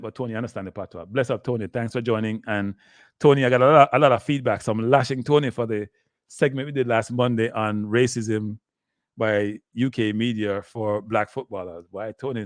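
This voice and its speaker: Fairly quick and mid-range, with no echo, an older man with a Jamaican accent chats loosely on a live sports talk stream. Patois creeps into his speech, and he addresses his viewers directly, again and again calling them "people."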